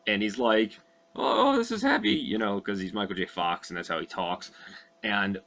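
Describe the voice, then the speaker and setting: Man, young adult, bright forceful voice, slightly low pitch, casual rambling recap, profane, lots of fillers. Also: fairly even intonation, normal speed. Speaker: host recounting a movie.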